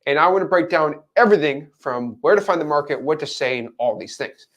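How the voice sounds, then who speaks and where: An animated man explains real estate wholesaling, his pitch rising and falling widely. He keeps it casual and keeps breaking into little acted-out scenes. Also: fairly quick. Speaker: real estate investing coach. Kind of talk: casual teaching monologue.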